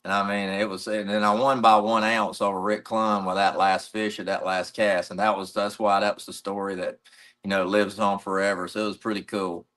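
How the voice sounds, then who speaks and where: A man's voice: lowish voice, level tone, a little fast, a bit bright. A middle-aged man from North Carolina, a pro angler, telling a long story in a casual, rambling way.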